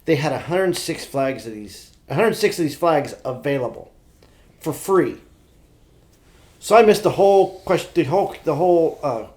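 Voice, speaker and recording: A man from Indiana hosts a casual podcast, his voice sitting a little high and sounding sick. He tells stories animatedly and keeps restarting his sentences. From Indiana, USA. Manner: animated storyteller with frequent restarts. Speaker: podcast host. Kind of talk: casual chat.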